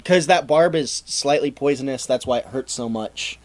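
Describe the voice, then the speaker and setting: A young man co-hosting a casual history podcast, telling the story in a relaxed way with swearing and acted-out quotes. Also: mid-range voice, normal speed. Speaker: podcast co-host.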